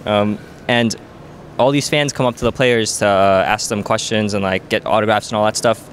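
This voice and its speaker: A man's voice: on the low side, fairly even intonation, moderate pace, slight background noise. A man interviewing a player at a gaming event, chatty and playful, with lots of "um" and "like". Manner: chatty, filler-heavy, playful. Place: busy gaming event venue.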